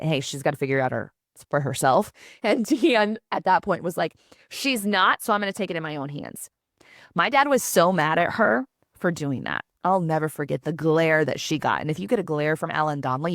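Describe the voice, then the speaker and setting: A woman in her thirties hosting a solo podcast, telling personal stories in a lively, conversational way with laughs and asides. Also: low-pitched, gravelly, dry recording, studio quality. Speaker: podcast host.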